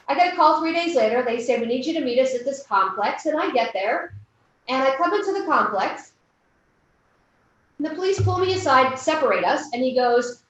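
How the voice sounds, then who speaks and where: Woman keynote speaker, high voice, animated storyteller; distant lo-fi hall recording. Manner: storytelling, acting out quoted people. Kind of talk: conference keynote talk. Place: large conference hall. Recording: echoey hall, lo-fi from afar.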